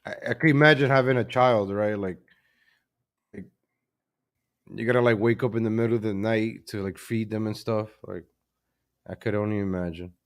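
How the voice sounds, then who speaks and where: A man's voice: fairly low pitch, steady tone, normal speed, long pauses. A man hosting a casual live stream from his home computer, chatty and easily distracted, often repeating himself. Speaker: livestream host. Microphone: desk microphone.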